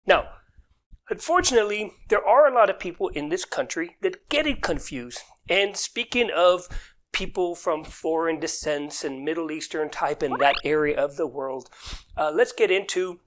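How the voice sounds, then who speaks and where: A man's voice: a little high, moderate pace. A man hosting an unscripted comedy business news show, rambling and interrupting himself as he riffs. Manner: rambling, animated, self-interrupting. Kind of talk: freestyle comedic commentary.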